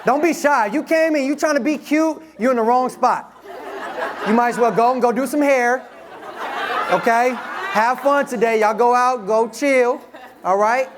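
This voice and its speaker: A young man in his twenties from Detroit giving a live motivational talk, energetic and playful, leading the audience in call-and-response. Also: very high-pitched, unhurried. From Detroit, USA. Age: 20s. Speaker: motivational speaker. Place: event room with a live audience. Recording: live room recording with crowd and noise.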